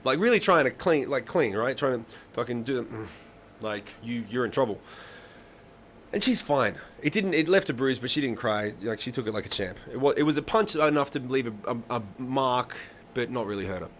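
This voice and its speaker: On his live songwriting stream, a man in his thirties talks casually to the audience in a middle-pitched, slightly bright voice, a little fast and with lively intonation. He rambles through stories, swears freely, and laughs along as a faint room hum sits behind him.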